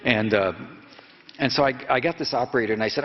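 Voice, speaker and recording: A man's voice: medium pitch, quick pace. A man in his seventies, a journalist, telling a long anecdote in a digressive way, with many restarts and self-corrections. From United States. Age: 70s. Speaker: investigative journalist telling a story. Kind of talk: rambling anecdotal storytelling to an audience. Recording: dull lo-fi recording in a reverberant hall.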